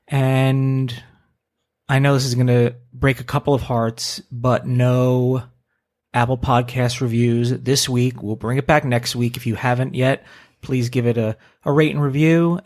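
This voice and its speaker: A man co-hosting a podcast, giving playful, joking shout-outs and show announcements in casual chat. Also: medium pitch. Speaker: podcast co-host.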